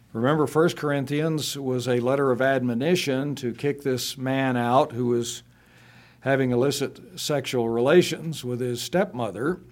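A middle-aged male preacher delivering a sermon at a very unhurried, measured pace. He reads scripture verse by verse, lifting his voice and drawing out the words he wants to stress. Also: steady tone. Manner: slows and rises in pitch to stress scripture he reads aloud.

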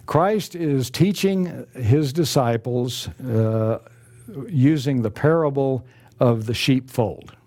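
Guy giving a sermon, mellow warm tone, earnest, leans hard on the verses. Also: mid-range voice. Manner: earnest, emphatic, slows for scripture quotes. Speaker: preacher.

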